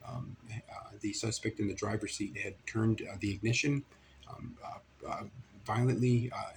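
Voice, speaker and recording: A man giving a halting personal account of an incident, full of fillers and restarts, in stiff formal wording. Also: fairly low pitch, gravelly, slight background noise, rough recording.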